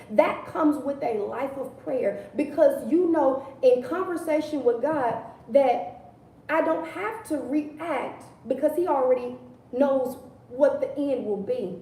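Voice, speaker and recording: A woman preaches in a casual, conversational manner on a livestream and keeps repeating her key phrases. Her voice is high and mellow. She is recorded from a distance in an echoing room. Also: animated, slow pace. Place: indoors, livestream. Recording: echoey room, distant mic.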